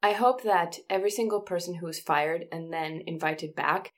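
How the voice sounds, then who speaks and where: A woman's voice: lowish voice, steady tone, normal speed. A woman guest on a podcast, chatting casually with wry, playful remarks.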